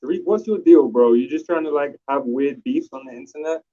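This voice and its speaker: A man's voice: on the high side, fairly quick, warm tone. A man calling in to a live stream, arguing in a confrontational way and swearing, heard through muffled lo-fi call audio. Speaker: caller. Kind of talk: heated call-in argument.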